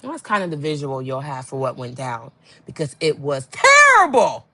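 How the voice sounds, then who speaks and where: A young woman hosting a podcast, telling a candid story in a blunt, exasperated way, dropping to low murmurs and jumping to high outbursts. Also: wildly swooping pitch, moderate pace, bright, forceful tone, no room sound. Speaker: podcast host.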